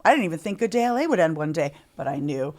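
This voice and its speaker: A woman's voice: low voice, very animated, fast talker, darkish tone. A middle-aged woman from Canada, a podcast guest telling candid stories in a chatty way and swearing freely. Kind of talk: candid interview storytelling.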